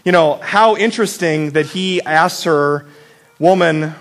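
A man's voice: a little high, a little slow, fairly bright tone, faint music behind. A male pastor giving a casual, joking Easter sermon, often checking in with "right?" and asking the audience reflective questions.

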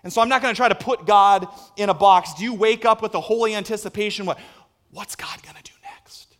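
A male pastor preaching a sermon, earnest and full of rhetorical questions, moving between hushed lines and emphatic ones. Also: high voice, fast.

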